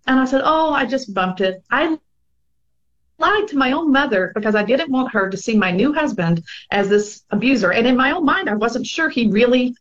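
A woman's voice: fairly high pitch, expressive, normal speed, fairly bright tone, muffled recording. A woman in her forties candidly recounts her own experience as an interview guest. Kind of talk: personal testimony.

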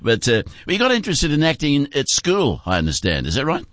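A man's voice: a little high, huge pitch swings, fast talker, a bit bright, no room sound. An older Australian man hosting a radio interview, chatty with lots of "uh"s and laughs, on a studio mic. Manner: chatty, laughs often, many fillers. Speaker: radio host.

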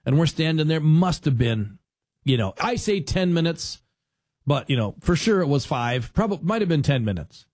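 A man's voice: fairly high pitch, moderate pace, no room sound, studio quality. A man hosting a talk show, chatting casually and rambling a bit as he tells stories and acts out what people say. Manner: animated storyteller who acts out quotes; rambling with restarts.

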